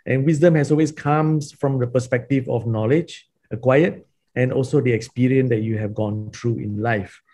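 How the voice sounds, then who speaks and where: Male professor panelist, reflective and conversational, mid-pitched voice. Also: fairly even intonation, normal speed, warm tone. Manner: reflective, conversational with "you know" and "right". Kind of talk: webinar panel answer.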